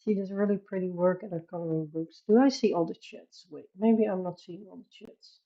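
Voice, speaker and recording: Through a muffled recording, a woman from the Netherlands speaks briskly in a fairly low voice with a Dutch accent. She's casually hosting a coloring live stream, reading out chat messages and laughing a lot.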